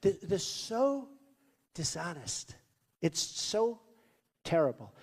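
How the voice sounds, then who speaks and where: Rambling rally speaker in an echoing hall. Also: male voice, high voice, big pitch swings, slow, a little mellow, husky. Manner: rambling and repetitive, boastful; acts out quoted voices. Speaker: presidential candidate. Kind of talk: campaign rally speech. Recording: long hall reverb.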